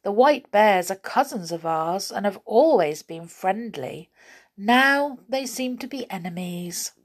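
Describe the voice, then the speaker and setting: A gentle, mournful father bear from a storybook, as a woman reads him, speaking slowly and sadly. The voice stays soft and unhurried. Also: mid-range voice, lively intonation. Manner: slow and mournful. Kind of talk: storybook reading.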